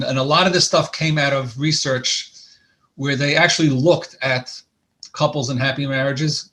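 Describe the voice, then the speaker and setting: A man's voice: medium pitch, a bit bright. A man who is a couples therapist, giving a conversational lecture on marriage and often restarting and repeating words. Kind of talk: lecture presentation. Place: lecture hall.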